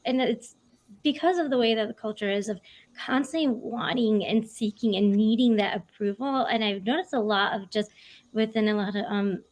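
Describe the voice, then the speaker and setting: A woman's voice: mid-range voice, moderate pace. A woman in her thirties with a doctorate, speaking reflectively on a livestream panel and often hedging with "like". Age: 30s. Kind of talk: casual livestream panel talk.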